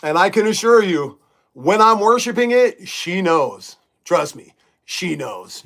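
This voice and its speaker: A middle-aged man chats to his live audience from his bedroom, loose and emphatic, answering viewer comments as they come. His voice sits a little higher than most men's. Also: lively intonation, a little slow, a bit bright. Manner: chatty, emphatic, reads viewer comments aloud. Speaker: livestream host. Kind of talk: casual live-chat monologue.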